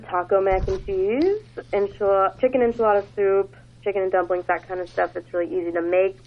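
A woman with a lowish, gravelly voice recommends books in an easygoing, chatty way, leaning on filler words. The sound is narrow and phone-like, as if carried over a radio line. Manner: chatty and enthusiastic, with many fillers. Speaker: book recommender on a radio segment. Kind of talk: casual book talk.

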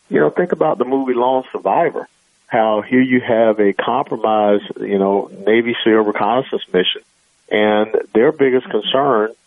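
Male radio guest, low voice, phone-line sound, dry, emphatic and argumentative. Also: no echo. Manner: emphatic, argumentative, filler-heavy. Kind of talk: radio talk show interview.

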